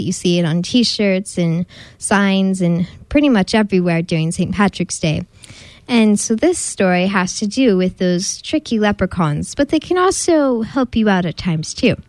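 A woman hosting a storytelling show, reading a picture book aloud with expressive narration. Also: mid-range voice, dry recording. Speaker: host and storyteller.

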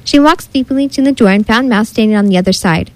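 A woman reads a children's story aloud with an expressive, animated delivery. Her voice sits fairly high, and the recording is dry and close. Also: quick pace, dry recording, rough recording. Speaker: narrator. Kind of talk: storybook narration.

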